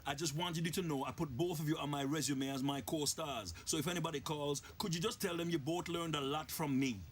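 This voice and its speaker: A man's voice: on the high side, brisk, slight background noise, natural voice. A man voicing a cheeky, self-promoting male shrunken head who keeps butting into an interview.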